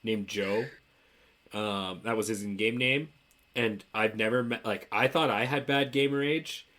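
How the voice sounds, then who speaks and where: A young man co-hosting a podcast, telling animated stories in casual chat and laughing often. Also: lowish voice, measured pace. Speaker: podcast co-host.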